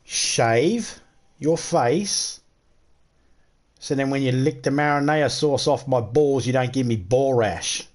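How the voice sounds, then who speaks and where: A man's voice: mid-range voice, takes it slowly, a little mellow. A man with an Australian accent hosting a gaming livestream, telling stories in a crude, swearing, joking way. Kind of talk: casual storytelling chat.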